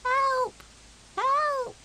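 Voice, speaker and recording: A woman voicing a tiny, eager young male hedgehog with a squeaky, piping voice in a storybook audiobook. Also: steady tone, extremely slow, bright, forceful tone, a little hiss or hum, full character voice. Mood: panicked.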